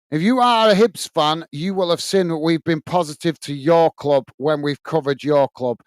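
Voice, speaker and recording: A man with a high, smooth, clear voice, recorded close and dry. He calls the match play by play and reads viewers' messages aloud. When a viewer is rude he tells them off in a firm, straight way. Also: moderate pace, hardly any pauses, no echo. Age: adult. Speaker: watch-along host. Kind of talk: live match commentary and chat reading.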